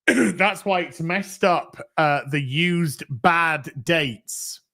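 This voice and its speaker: A man hosts a casual chat, reading viewer messages aloud. His voice is bright and a bit raised in pitch, and his delivery stays dry and offhand. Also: extremely slow, vocal fry. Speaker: podcast host reading donations.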